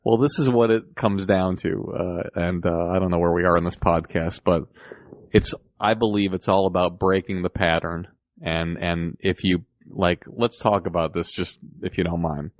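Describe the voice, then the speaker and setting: Man, podcast host, very low voice, measured and reflective, laughs easily, dry close recording. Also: fairly even intonation, no room sound. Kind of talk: casual podcast chat.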